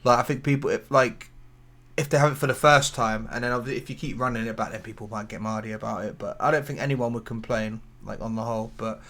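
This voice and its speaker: A man's voice: mid-range voice, steady tone, fast talker, a bit bright. A man co-hosting a podcast, chatting in a rambling, sweary way. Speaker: podcast co-host. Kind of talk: casual chat.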